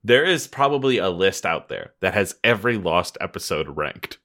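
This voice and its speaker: A man's voice: sits low, sing-song, moderate pace, pushed and bright. A man co-hosting a podcast in casual comedic chat, playful and often laughing. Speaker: podcast co-host.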